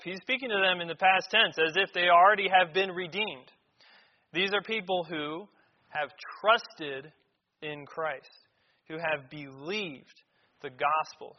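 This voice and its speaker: A man's voice: fairly high pitch, in a large hall, lo-fi sound. A man preaching a sermon in a church, reading scripture aloud and explaining it with emphatic repetition.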